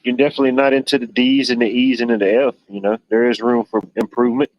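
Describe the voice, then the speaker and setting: A man's voice: mid-range voice, little pitch movement, fast, dull audio. A man hosting a livestream in casual chat, rambling and joking, with "you know" sprinkled throughout. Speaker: livestream host.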